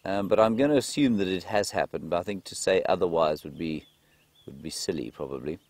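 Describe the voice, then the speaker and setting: A man giving live safari commentary outdoors in the bush, chatting through viewer questions and dropping to a hushed, excited voice when animals appear. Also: low-pitched, a little fast. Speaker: safari guide presenter. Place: outdoors in a game vehicle in the bush.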